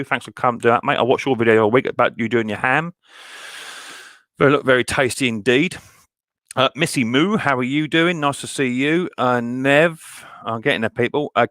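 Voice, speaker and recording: A man hosts a live stream and reads through the chat. He greets each viewer by name as mate or buddy boy, in a loose style full of fillers. His voice sits at an ordinary middle pitch, and the sound is dry with no room echo. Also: a bit bright, clean tone. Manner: casual, many fillers, calls people mate and buddy boy. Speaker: mower channel host.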